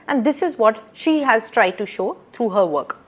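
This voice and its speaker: A woman lecturing to students, reading out quotations and explaining them with rhetorical questions and frequent pauses. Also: on the high side, lively intonation, breathy edge. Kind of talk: recorded lecture.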